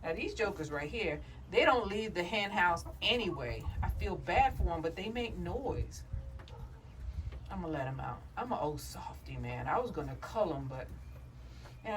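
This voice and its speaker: A woman's voice: low-pitched, slight background noise. A woman homesteader recording a casual vlog outdoors at her backyard coop, playfully teasing and talking to her hens as if they were children.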